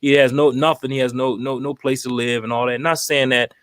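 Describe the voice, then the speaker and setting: A man's voice: mid-range voice, brisk, smooth, no echo. Man with dry close sound, easygoing co-host. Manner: relaxed, affirming, greets viewers by name. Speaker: co-host reading viewer comments. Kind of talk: casual talk show chat.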